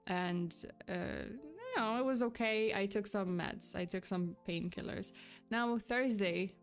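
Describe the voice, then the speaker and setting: A woman's voice: mid-range voice, lively intonation, unhurried, soft background music. A young woman streaming as a VTuber, telling a story in casual chat, rambling with many fillers and restarts and slightly out of breath. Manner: chatty, rambling, with frequent fillers and restarts, breaking off to thank chat.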